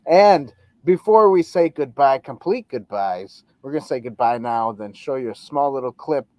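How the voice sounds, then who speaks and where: A man's voice: mid-range voice, expressive, moderate pace, darkish tone, no echo. A man hosts a podcast, chatting in a loose, joking way with a mid-range voice. He plays around with silly voices along the way. The recording is dry and close. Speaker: podcast host. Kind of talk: casual chat.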